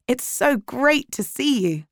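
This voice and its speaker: Woman reader doing a popular teen girl, higher and slow, dry close read. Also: lively intonation, no room sound, heavily acted. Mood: light. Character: teenage schoolgirl, popular, guarded and teasing.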